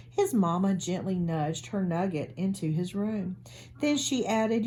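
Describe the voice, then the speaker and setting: A woman reading a picture book aloud to schoolchildren in a school office, chatty and expressive. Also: mid-range voice, measured pace.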